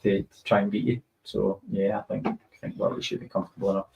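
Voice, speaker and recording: Lower-voiced Scottish football pundit. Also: male voice, steady tone, quick pace, gravelly, darkish tone, low-quality recording. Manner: chatty, thinking aloud. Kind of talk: casual chat.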